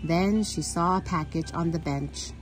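A woman's voice: on the low side, measured pace, soft background music, low-quality recording. Woman reading a kids' book aloud. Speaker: storyteller. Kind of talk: children's book read-aloud.

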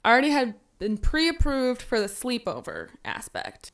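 A woman podcast host telling a funny personal story in a casual, animated way, acting out her younger self's lines. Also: a little high, moderate pace, few pauses.

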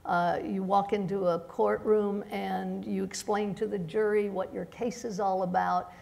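A woman judge speaking on a panel, halting with many restarts and fillers, who came to the country as an immigrant. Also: mid-range voice, little pitch movement, vocal fry, darkish tone. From immigrant to the United States. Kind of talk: panel discussion.

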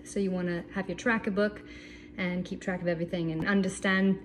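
A woman's voice: fairly low pitch, fairly even intonation, fairly quick. A woman casually showing meal prep tools in her home kitchen, chatty and enthusiastic with playful asides. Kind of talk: casual kitchen demo video. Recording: loud background noise.

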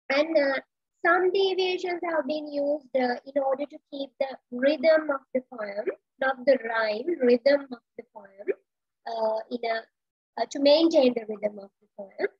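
A woman teaching literature in an online video-call lecture, talking slowly with many fillers and restarts. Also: high voice, no room sound. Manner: slow, hesitant with many fillers. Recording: dull lo-fi video call audio.

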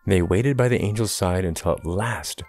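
A man reading a children's picture book aloud in a calm, even storytelling manner. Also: sits low, moderate pace.

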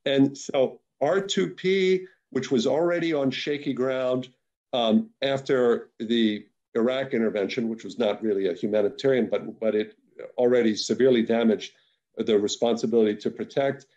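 Halting, earnest man on muffled call audio. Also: medium pitch, a little mellow. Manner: halting, many restarts and repeated words; earnest, emphatic. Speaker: panel discussant at a policy webinar. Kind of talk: unscripted panel remarks.

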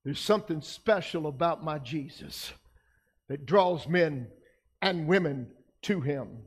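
A male pastor preaching a sermon, emphatic, his delivery swinging between soft passages and loud ones. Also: fairly high pitch, takes it slowly, breathy edge, long reverb tail. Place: church sanctuary.

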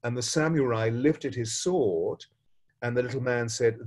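A man speaking as a spiritual teacher tells a parable with dramatic flair. His delivery speeds up and slows down and swells and softens, all at a mid-range pitch. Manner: expressive, dramatic, shifting pace and loudness. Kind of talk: storytelling parable and spiritual talk.

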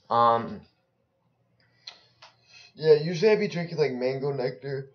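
This is a young man in the middle of casual gameplay commentary, wandering from one topic to the next in relaxed slang. His voice sits at an ordinary male pitch. It comes through a slightly muffled, lo-fi desk microphone. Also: a little slow, pauses often. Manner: rambling, joking, slangy, mumbles while typing. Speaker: gaming YouTuber. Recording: slightly dull lo-fi mic.

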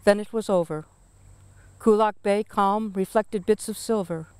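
A woman poet reading her own poem aloud in a solemn, deliberate recitation. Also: mid-range voice, fairly even intonation, darkish tone, smooth, no room sound. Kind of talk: poetry reading.

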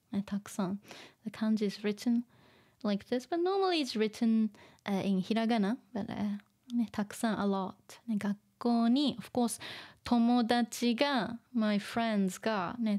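A woman teaching vocabulary through a manga, explaining slowly, repeating words and laughing often. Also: mid-range voice, darkish tone. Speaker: Japanese teacher. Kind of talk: manga reading lesson.

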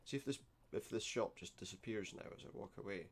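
A man's voice: fairly low pitch, fairly quick. A man giving gameplay commentary, reading game text aloud with dry, sarcastic asides. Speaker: let's play host.

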